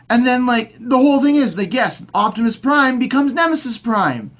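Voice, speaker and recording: A man's voice: extremely high pitch, big pitch swings, a little fast, few pauses, a bit bright. Heated, stammering young man ranting. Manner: heated, swearing, stammering restarts. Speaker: movie reviewer. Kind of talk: ranting video review.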